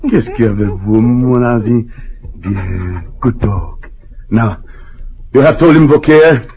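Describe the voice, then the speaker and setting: An actor playing a commanding former rebel leader turned governor, brusque and impatient, dropping French phrases, in an old-time radio drama. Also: male voice, mid-range voice, measured pace, slight background noise, close to an everyday voice. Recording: dull lo-fi old radio recording.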